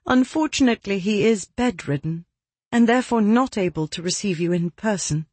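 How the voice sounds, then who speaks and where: A narrator voicing a refined young gentlewoman, polite and measured, in an audiobook. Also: medium pitch, animated, husky, no room sound, pitched above the performer's own voice. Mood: gracious.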